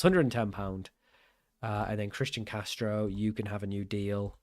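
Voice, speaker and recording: A man's voice: fairly low pitch, normal speed, a little mellow, dry recording, studio quality. A young man giving casual gameplay commentary, thinking aloud in a puzzled, self-mocking way as he works through his choices. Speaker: gaming channel host.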